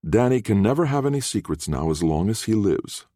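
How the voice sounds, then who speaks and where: A man's voice: lowish voice, big pitch swings, a little fast, no echo, studio quality, voice pushed up. A man playing a catty, proud young woman. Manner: catty, sharp-tongued. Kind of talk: audiobook character voice.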